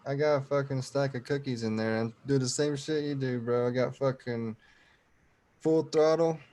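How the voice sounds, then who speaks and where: A relaxed man joining a casual podcast as a guest over a remote call. He talks in easy slang, calling the host dude and bro. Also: mid-range voice, normal speed. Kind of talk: casual chat.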